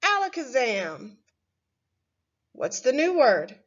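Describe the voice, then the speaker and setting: Slow sing-song woman teacher. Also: a little high, sing-song, fairly bright tone, lo-fi sound. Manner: slow, clear and sing-song, stretching words for young children. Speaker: first grade teacher. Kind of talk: recorded phonics lesson.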